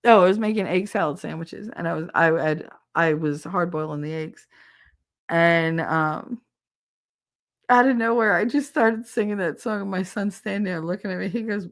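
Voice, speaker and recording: A woman's voice: lowish voice, moderate pace. A middle-aged woman hosting a casual livestream chat, irreverent and profane, laughing often and acting out quotes as she reads the chat. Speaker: podcast host reading live chat.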